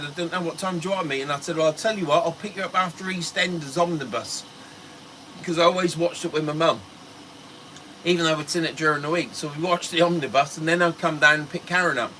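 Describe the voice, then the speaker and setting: A man's voice: a little high, sharp tone, slight background noise, poor audio. A middle-aged man with a Norfolk accent, chattily rambling through a story on a fishing livestream as its host. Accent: Norfolk English. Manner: chatty, rambling, laughs as he talks.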